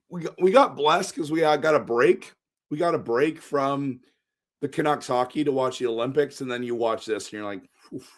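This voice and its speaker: Hoarse man hosting a hockey livestream. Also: medium pitch. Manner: rambling, reads chat aloud, excitable outbursts. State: hoarse, voice shot. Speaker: hockey fan streamer hosting a post-game show. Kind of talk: casual live-stream chat.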